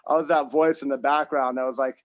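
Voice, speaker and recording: A man's voice: medium pitch, steady tone, brisk, dull audio. A man in his thirties from Colorado doing a stand-up set over a video call, rambling and self-deprecating with many fillers and restarts. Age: 30s. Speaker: stand-up comic.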